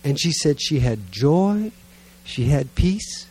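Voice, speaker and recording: A middle-aged man preaching to a gathered congregation, telling a self-mocking family story in a lively way and then praying quietly and earnestly. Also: fairly high pitch, takes it slowly, husky. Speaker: pastor. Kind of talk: sermon storytelling and prayer. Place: church gathering with listeners present.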